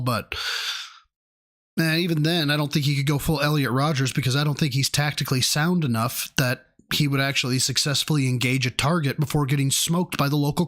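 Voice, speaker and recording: A man's voice: on the high side, fairly bright tone. A man co-hosting a live stream, thanking viewers and giving crude, profane, mocking commentary. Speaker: streamer co-host. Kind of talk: casual live-stream chat.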